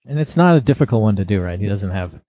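A man's voice: fairly low pitch, lively intonation, fast talker, dark tone, no room sound. A man co-hosting a podcast, making wry remarks and laughing asides. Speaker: podcast co-host. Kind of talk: casual chat.

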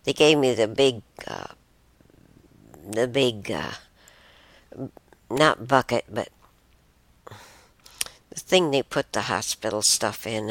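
A woman's voice: a bass voice, a bit bright, no echo. A woman hosting a show, casually telling a personal story in a rambling way, often restarting and correcting herself. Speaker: show host.

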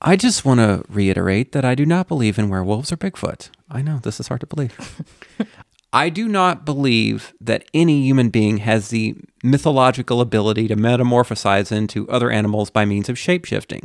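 A man's voice: medium pitch, fairly quick, vocal fry, dry recording, studio quality. A man co-hosting a podcast in casual comedic chat, going from crude jokes to mock-ominous storytelling. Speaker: podcast co-host.

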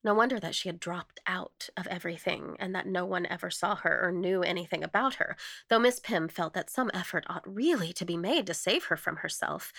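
A woman's voice: fairly low pitch, normal speed, creaky, a bit bright, no room sound, studio quality. Woman reading a ghost story. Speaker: story reader.

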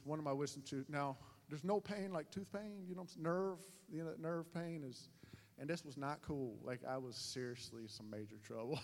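A pastor telling funny personal stories during a sermon, animated and self-mocking. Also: male voice, fairly high pitch. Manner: animated, self-mocking storyteller with many voice changes. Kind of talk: sermon storytelling. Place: church sanctuary. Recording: echoey hall with long reverb.

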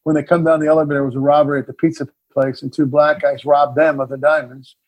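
Middle-aged male filmmaker guest, husky tone, lively storyteller who acts out scenes. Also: a little high, fast talker. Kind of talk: casual interview chat.

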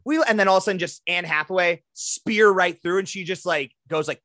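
A man's voice: high-pitched, brisk, bright, forceful tone, no echo, clean studio sound. A man in his thirties co-hosting a podcast, joking animatedly and acting out quoted voices in casual banter. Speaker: podcast co-host.

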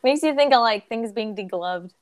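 A woman's voice: on the high side, lively intonation, normal speed, no room sound, studio quality. A woman co-hosting a podcast, chatting expressively about a TV show and laughing often. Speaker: podcast co-host. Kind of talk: casual chat about a TV show.

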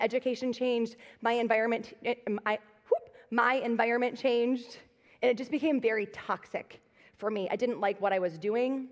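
A woman's voice: fairly high pitch, fairly even intonation, moderate pace. A middle-aged woman pastor giving a live sermon, talking in a conversational, self-deprecating way and telling personal stories. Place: large church auditorium. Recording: long reverb of a live church hall.

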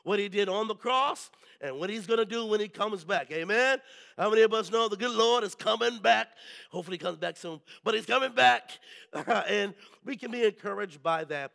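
A male pastor preaching a sermon, telling lively stories and often checking in with the congregation. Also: high-pitched, moderate pace, vocal fry. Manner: lively storytelling, keeps asking the crowd "right?".

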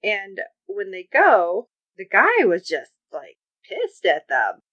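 Slow-paced and mid-range in pitch, a woman co-hosts a relaxed podcast chat recapping a TV episode, acting out characters' lines with animation. The lo-fi recording is dull, with no echo.

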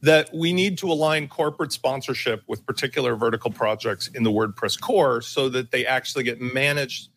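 A man on a tech talk panel making an emphatic case through a story, theatrical and building to loud points. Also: medium pitch, brisk, few pauses, slight background noise. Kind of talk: animated opinion talk with storytelling.

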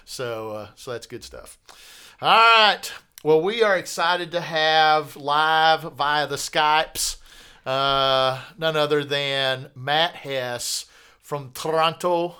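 A man's voice: on the high side, takes it slowly, pushed and bright, clean tone. Joking man hosting a podcast. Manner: joking, teasing, hesitant with fillers. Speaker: podcast host. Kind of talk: casual podcast chat. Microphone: studio podcast mic at a table.

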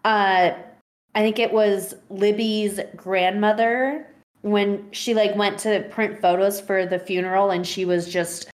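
A woman in casual conversation with a medium-pitched, everyday voice. She talks loosely and easily, using lots of "like.". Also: steady tone, unhurried. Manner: chatty, uses lots of "like". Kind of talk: casual chat.

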